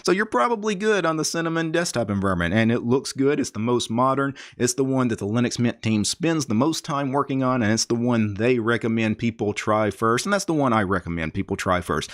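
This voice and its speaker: A middle-aged man hosting a tech channel, walking through a software tutorial in a relaxed, explanatory way with nerdy asides. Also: mid-range voice. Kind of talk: screen-recorded software tutorial.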